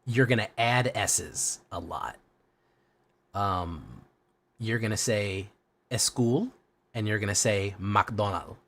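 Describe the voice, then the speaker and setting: A man's voice: fairly low pitch, expressive, takes it slowly, vocal fry, long pauses, fairly bright tone. Chatty, profane game streamer guy. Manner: chatty, rambling, swears casually, thanks viewers. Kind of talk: casual live-stream chat.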